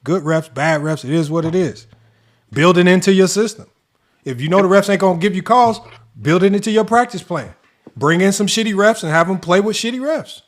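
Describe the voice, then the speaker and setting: A man's voice: high voice, brisk. A man who coaches basketball, co-hosting a casual sports talk show, telling stories animatedly with lots of laughter and swearing. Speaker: basketball coach and podcast co-host.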